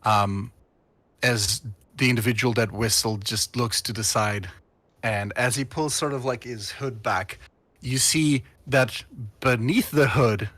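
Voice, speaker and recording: A man's voice: medium pitch, fairly even intonation, unhurried, fairly bright tone, no room sound. A man narrating as game master of a tabletop game, rambling with many fillers.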